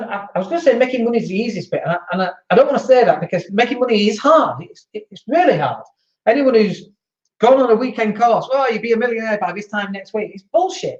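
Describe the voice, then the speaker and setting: A man hosts a casual motivational talk with a fairly high voice, blunt and animated, swearing freely and acting out the people he quotes. The sound is roomy and a little dull. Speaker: property business host.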